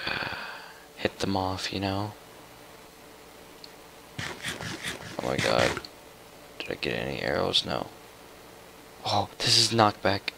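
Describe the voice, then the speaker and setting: A young man giving casual, chatty commentary while playing a video game, muttering to himself and getting excitable. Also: sits low, takes it slowly, gravelly, pauses often, slight background noise, low-quality recording. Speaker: gaming YouTuber.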